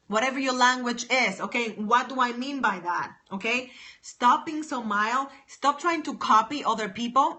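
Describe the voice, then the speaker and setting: A woman's voice: on the high side, sharp tone. A woman business coach giving an emphatic, exuberant motivational talk on a live stream from her home office. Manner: emphatic, exuberant, repetitive exhortations.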